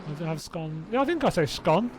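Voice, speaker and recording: A man from Hertfordshire, England, with a southern English accent commentates a sim race live in a slightly high, sing-song, darkish voice, a little fast, with slight background noise. Between calls he chats and rambles with viewers, making self-doubting asides and laughing to himself.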